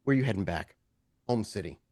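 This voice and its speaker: A man voicing a weary, gruff male vampire hound who speaks low and terse. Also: lively intonation, a little fast, darkish tone, no room sound, clean studio sound.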